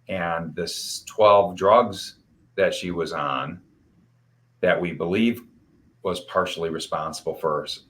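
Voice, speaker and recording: A man with a very low voice hosts a casual interview. He is choked up and halting, repeating words as he tries to finish his thoughts. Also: a bit bright. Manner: emotional, halting with repeated restarts. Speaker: podcast host.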